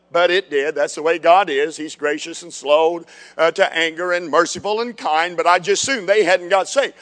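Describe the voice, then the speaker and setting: A man's voice: a little high, moderate pace, a bit bright, big-room sound. A man preaching a sermon in an emphatic, fiery way, piling up repeated words for force.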